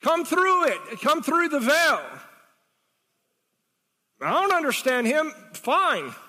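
A man's voice: very high-pitched, sing-song, slow, pushed and bright, in a large hall. A man preaching a sermon in a rambling, conversational way, full of rhetorical questions.

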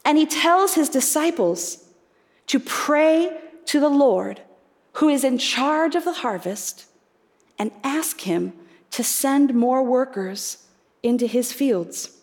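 A woman's voice: high voice, expressive, takes it slowly, a little mellow. A woman preaching a sermon, earnest and reflective, posing rhetorical questions to her congregation. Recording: reverberant hall.

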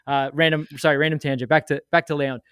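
A man casually telling an animated, rambling story full of asides, as a guest on a podcast. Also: a little high, fast talker, clean tone, no echo, clean studio sound. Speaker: guest sharing a fan memory.

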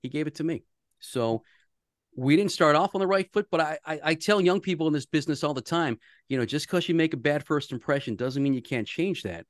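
A man's voice: on the high side, a little fast, no room sound, studio quality. A man who works as a radio host, telling stories in a casual podcast chat, earnest and full of restarts. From Philadelphia area. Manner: storytelling, earnest, many restarts.

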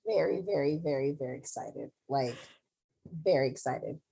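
A woman's voice: low-pitched, moderate pace, gravelly, dark tone, breathy edge, low-quality recording. A woman recapping a TV episode in casual chat, emphatic and enthusiastic, often repeating words.

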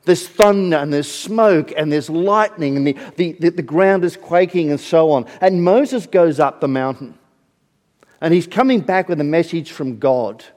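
A man's voice: fairly high pitch, normal speed, darkish tone, long reverb tail. A man from Scotland with a Scottish accent, preaching a sermon in a conversational, storytelling way. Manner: conversational storytelling, self-deprecating. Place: church.

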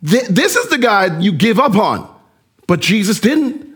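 Animated high-voiced male preacher. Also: unhurried, husky. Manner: animated preaching, asks the listeners direct questions. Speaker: pastor. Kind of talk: sermon.

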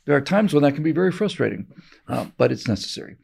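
A man's voice: fairly high pitch, big pitch swings, fast talker, vocal fry, a little mellow, slightly rough. A man hosting a show, giving emphatic political commentary and often repeating words as he restarts. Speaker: show host.

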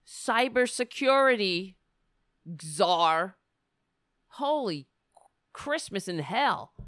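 A woman's voice: mid-range voice, a bit bright, clean tone, no room sound, studio quality. A woman hosting political commentary, reading news excerpts and mocking them with sarcastic asides. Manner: reads news excerpts, then riffs on them.

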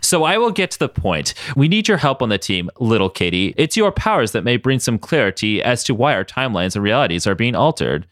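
A man's voice: mid-range voice, very animated, fairly quick, hardly any pauses, fairly bright tone, dry recording. Male podcaster doing an icy, sneering woman, in his own voice, recorded close and dry. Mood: condescending. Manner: cool, condescending delivery. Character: haughty, cutting woman with icy manners.

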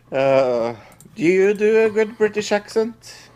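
A woman from Norway co-hosts a relaxed chat show, speaking English as her second language. She talks slowly and unhurriedly. Her pitch rises and falls a lot. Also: a little hiss or hum. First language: Norwegian. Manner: slow, unhurried talk with frequent laughs. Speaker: podcast co-host. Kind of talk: casual chat.

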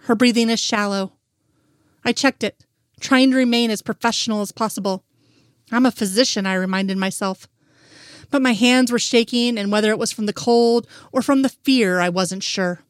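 A woman's voice: on the high side, normal speed, no echo, studio quality. A woman reading a fanfic aloud in first-person narration, with an earnest, emotional delivery.

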